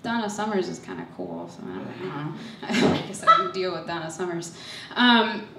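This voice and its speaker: Young woman, bright voice, nervous, self-mocking stage storyteller, echoey hall, picked up from a distance. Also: fairly low pitch, lively intonation, moderate pace, creaky. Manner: nervous, self-deprecating, laughs through her lines. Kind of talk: personal storytelling.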